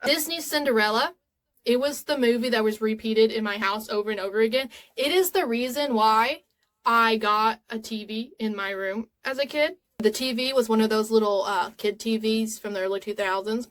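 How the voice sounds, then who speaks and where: A woman's voice: fairly high pitch, normal speed, a bit bright. A woman in her twenties talking casually to camera in a rambling, chatty, earnest way. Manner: earnest and openly emotional. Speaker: vlogger.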